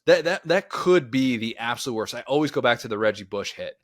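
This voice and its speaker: Guy cohosting a sports podcast, mid pitch, dry close sound, goes off on tangents. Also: animated, brisk, dry recording. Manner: rambling, talks himself into tangents. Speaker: co-host. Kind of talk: casual sports podcast chat.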